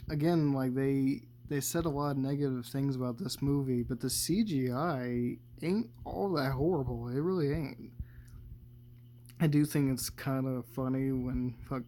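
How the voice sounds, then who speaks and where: A man's voice: medium pitch, darkish tone. A man giving a casual spoken movie review, rambling and swearing a lot and chuckling as he talks.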